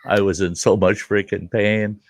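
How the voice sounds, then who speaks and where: Speaking unhurriedly in a fairly low voice, with no echo on the recording, a middle-aged man hosts a casual conversation. He tells a story animatedly, swearing plenty and playing out the voices of those involved.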